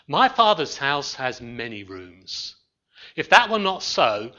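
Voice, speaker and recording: A man delivering a sermon with a very bright, forceful tone and a lively, rising-and-falling pitch. He preaches expressively, leaning into dramatic pauses and letting phrase ends sink quietly. The recording sounds dull and lo-fi. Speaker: minister.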